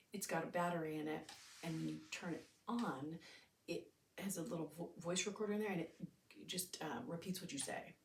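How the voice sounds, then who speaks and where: Lowish-voiced woman rambling candidly, bit far off the mic, roomy echo, faint hiss. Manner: candid, rambling, swears casually. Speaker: podcast host. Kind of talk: casual solo podcast talk.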